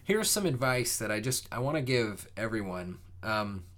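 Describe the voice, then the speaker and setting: A man's voice: on the low side, very animated, moderate pace, a bit bright. A young man hosting a live coding stream, chatting casually with viewers in a rambling way, full of fillers and restarts before the lesson.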